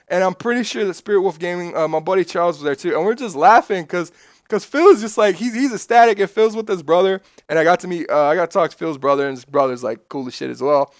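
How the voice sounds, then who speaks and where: Male streamer, casual chat, excitable swearing storyteller, dry mic. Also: sits high, brisk, clear, resonant tone, dry recording.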